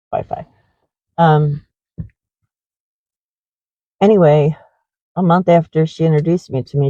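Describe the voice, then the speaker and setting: A woman's voice: sits low, warm tone, dry recording, dull audio. A middle-aged woman who runs a horse ranch, rambling in a confessional way with many fillers in a casual walking vlog.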